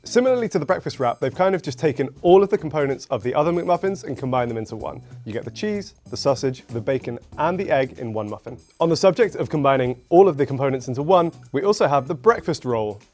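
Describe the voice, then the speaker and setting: A British man hosting a casual food review, dry and matter-of-fact with a gently wry tone. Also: mid-range voice, lively intonation, quick pace, hardly any pauses, soft background music. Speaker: food show host.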